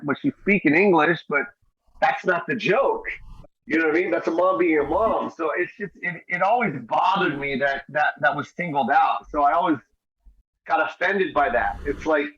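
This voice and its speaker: A man's voice: on the high side, normal speed, bright, forceful tone, breathy edge, dull audio. A middle-aged man, a comedian and actor, talking earnestly in an interview and often asking "you know what I mean". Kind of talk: interview conversation.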